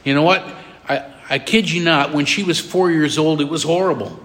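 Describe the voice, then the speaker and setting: Middle-aged male pastor, high-pitched, repetitive emphatic sermon delivery. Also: moderate pace. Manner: emphatic repetition, soft drops for emotional moments. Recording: long hall reverb.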